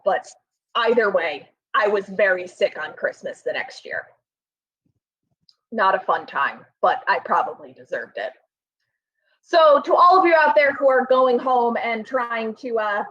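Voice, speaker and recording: A young woman with a mid-range, fairly bright voice shares a funny story from her life, wandering off track, teasing herself, and filling gaps with fillers. The audio is slightly dull and lo-fi.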